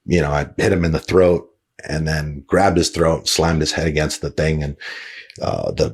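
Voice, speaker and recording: A man's voice: very deep voice, expressive, moderate pace, breathy edge. A man hosting a podcast, telling a story casually with lots of fillers, restarts and swearing. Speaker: podcast host.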